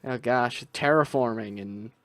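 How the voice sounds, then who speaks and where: A man's voice: mid-range voice, a little slow, fairly bright tone, no room sound. A young man giving casual, rambling commentary on his own gameplay, thinking aloud with lots of restarts and asides. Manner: rambling, self-talking, musing aloud with restarts. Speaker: gaming video creator.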